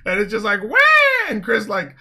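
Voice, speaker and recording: A man co-hosting a casual podcast, an animated storyteller who laughs a lot and swears freely. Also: high-pitched, normal speed. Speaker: podcast co-host.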